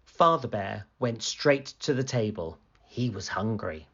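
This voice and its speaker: A man reading a children's picture book aloud in an animated, expressive storytelling manner. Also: lowish voice, unhurried, breathy edge, muffled recording.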